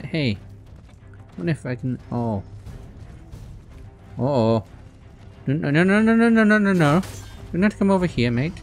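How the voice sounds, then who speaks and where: A Welsh man in the middle of a let's-play, chattering excitedly and panicking as he talks straight to the characters. His voice sits in a medium register. Loud game music runs underneath him. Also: medium pitch. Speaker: let's player. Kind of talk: gameplay commentary.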